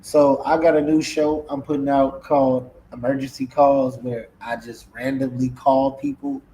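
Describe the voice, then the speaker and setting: A man's voice: mid-range voice, flat delivery, moderate pace, warm tone, a little hiss or hum, poor audio. A man hosting a casual live-stream podcast in a laid-back way, often repeating his words. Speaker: podcast host.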